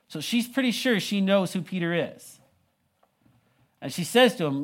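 A man's voice: sits high, expressive, measured pace. A young man preaching a sermon, retelling the story in a casual, conversational way full of "like" and "you know". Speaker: pastor.

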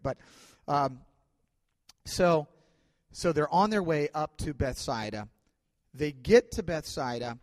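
A male pastor delivers a sermon at medium pitch, telling stories conversationally with fillers. His volume swings between loud and quiet, and the recording has a long hall reverb.

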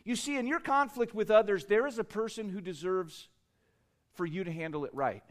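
Middle-aged male pastor, high-pitched voice, emphatic sermon delivery, repeats phrases for effect. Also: normal speed. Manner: emphatic preaching with repetitions, rising and falling loudness.

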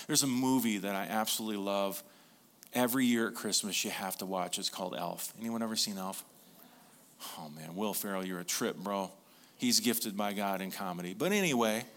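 A man preaching a sermon, conversational and animated, who drops soft and low for emphasis. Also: normal speed. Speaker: pastor.

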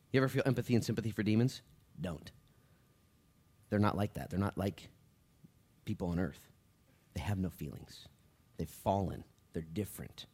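A male pastor delivering a sermon in a church with a fairly low voice. He speaks to his congregation like friends, sinking into quiet, low asides and then climbing to loud, pointed emphasis.

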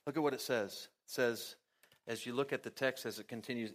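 Guy preaching a sermon, mid pitched voice, chatty and sarcastic, gets loud and high when he acts stuff out. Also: brisk. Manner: conversational, sarcastic, acts out quotes; big swings in pitch and loudness. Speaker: pastor.

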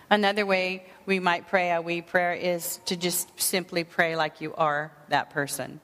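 A woman teaching a sermon on prayer ministry, speaking earnestly and gently with frequent fillers. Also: on the low side, fairly even intonation, unhurried, few pauses, big-room sound.

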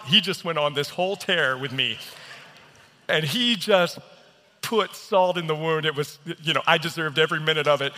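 A man's voice: a little high, moderate pace, sharp tone. A man preaching a sermon as pastor, telling stories on himself in an earnest, self-deprecating way. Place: church hall. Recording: reverberant church hall.

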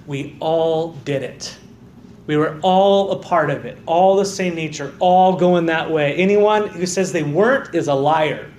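Pastor, man, high-pitched, preaching with sudden soft drops and loud rises, echoey sanctuary with faint hiss. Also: measured pace. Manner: swings from quiet, low emphasis to loud, fervent calls of "amen". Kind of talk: sermon. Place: church sanctuary.

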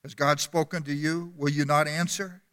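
Male preacher, high bright voice, earnest sermon storytelling, long church echo. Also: steady tone, moderate pace, smooth. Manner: earnest storytelling, repeating words. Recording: long hall reverb.

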